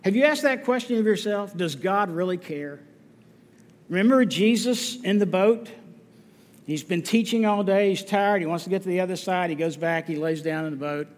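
A man preaching a sermon as pastor, earnest and deliberate, driving his points home with repetition. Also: sits high. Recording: long reverb of a church hall.

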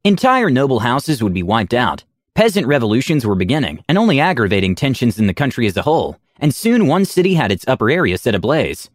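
A man's voice: mid-range voice, very animated, fast talker, no room sound, studio quality. A man narrating a tabletop game story in a dramatic storytelling manner.

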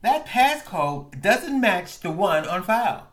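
A man's voice: high-pitched, very animated, slow pace, fairly bright tone, pitched above the performer's own voice, exaggerated voice. A man voicing a female automated phone-line AI that is polite, scripted and unhelpful. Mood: prim, scripted.

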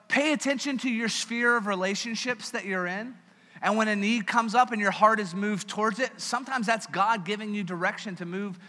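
Pastor, male, conversational and joking sermon; high, bright voice; church hall reverb.

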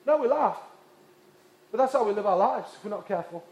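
A man from England, preaching with passionate, repeated emphasis that drops to hushed tones. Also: high voice, expressive, fairly quick. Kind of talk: sermon. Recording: echoey hall.

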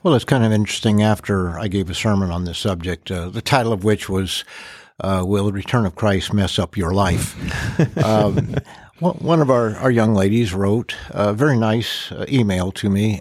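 Older man, minister guest on a podcast, measured, low voice, dry sound. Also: no echo. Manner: measured, thoughtful, with pauses and fillers. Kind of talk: casual podcast interview.

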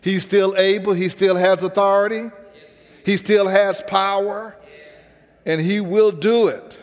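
A man with a high voice preaches a sermon in a rhythmic cadence, now and then calling on the congregation to answer back. His voice rings out with a long reverb around it. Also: steady tone, unhurried.

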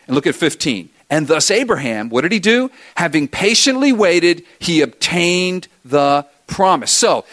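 High-voiced man preaching a sermon. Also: a bit bright. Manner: conversational, addresses the congregation as guys, asks rhetorical questions. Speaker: pastor. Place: church before a congregation.

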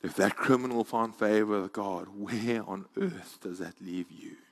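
A man preaching a sermon in a church, moving from quiet, intimate passages to loud, soaring climaxes. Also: fairly low pitch, measured pace, gravelly. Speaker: pastor.

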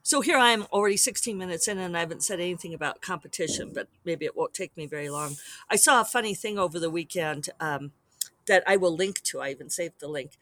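A woman author talking through her work on her own podcast in a chatty, rambling way, with quick asides. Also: lowish voice, fairly bright tone, dry recording. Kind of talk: casual solo podcast monologue.

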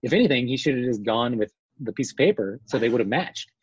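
Rambling husky-voiced wedding photographer. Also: male voice, medium pitch, lively intonation, quick pace, dry recording, highs cut off. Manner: rambling, lots of fillers, acts out quotes. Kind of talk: casual interview chat.

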